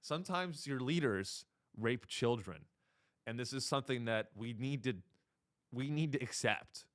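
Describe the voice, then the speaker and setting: A man voicing a male president who calmly brushes off his own crimes in a low, hushed, dismissive tone. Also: measured pace, no echo, studio quality.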